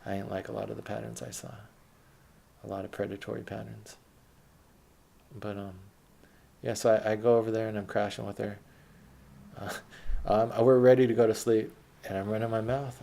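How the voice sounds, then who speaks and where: A man's voice: on the low side, vocal fry, dark tone. A young man casually telling a story from his life, rambling along and swearing freely.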